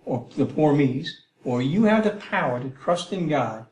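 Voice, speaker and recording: A middle-aged man teaching the Bible in a conversational way, animated and acting out prayers, often checking in with "Okay?" and "Right?". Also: on the high side, measured pace, a little hiss or hum. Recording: roomy echo.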